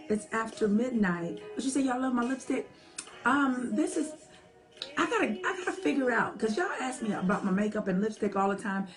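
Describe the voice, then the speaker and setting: A woman hosting a late-night livestream from home, chatting softly and reading viewer comments aloud. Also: fairly high pitch. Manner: chatty, talks to viewers as y'all, soft half-whispered. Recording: faint music behind the voice. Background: old-school music playing.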